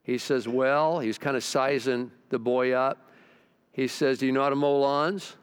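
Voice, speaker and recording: Preaching to his congregation, an older man tells stories and asks them questions, frequently lowering his voice to a hush for emphasis. He speaks a little slowly, with a steady, clean tone.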